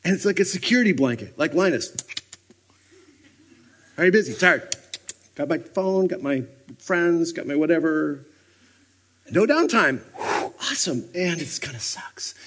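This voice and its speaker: A man giving a sermon at a retreat, animated, swinging between loud bursts and hushed near-whispers. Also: fairly high pitch, unhurried, pauses often, slightly rough. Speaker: retreat speaker. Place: retreat meeting room.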